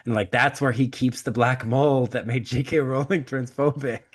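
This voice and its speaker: A man at mid pitch, chatting casually on a podcast. He retells the plot with a comic, profane edge and slips into quick voices for each character. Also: husky. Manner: animated storytelling, acts out characters with quick voice shifts. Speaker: podcast co-host. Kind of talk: casual chat.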